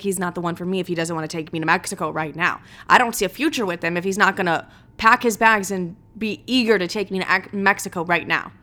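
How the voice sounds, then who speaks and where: A woman's voice: mid-range voice, fairly bright tone. Young woman, casual storytime, brash and profane, filler-heavy. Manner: blunt, profane, dramatic, full of "like".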